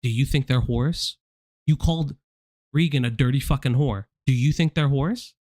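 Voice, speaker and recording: A man's voice: mid-range voice, normal speed, a little mellow, dry recording. A man ranting on a stream, blunt and profane, lecturing someone he is angry at. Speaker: commentary streamer. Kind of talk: heated commentary rant.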